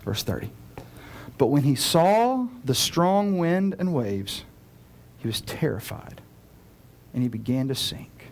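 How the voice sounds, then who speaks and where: A pastor in full sermon mode, his slightly higher man's voice rising into urgent appeals and then dropping to a near hush to land a point. He talks straight to the congregation, earnest and personal. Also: very animated. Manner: dramatic, swinging between loud urgent pleading and hushed slow emphasis; earnest, direct address to listeners.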